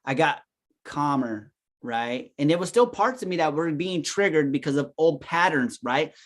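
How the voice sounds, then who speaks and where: A man's voice: a little high, expressive, normal speed, a bit bright. A man co-hosting a podcast, telling a personal story reflectively in casual chat. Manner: reflective, keeps asking "right?". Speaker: podcast co-host.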